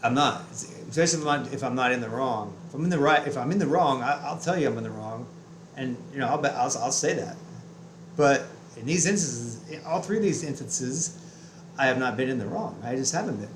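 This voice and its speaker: A man's voice: medium pitch, lively intonation, fairly quick, roomy sound, noisy background. A man telling a heated, profane story about his day in a casual vlog rant, full of restarts. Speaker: vlogger. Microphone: webcam.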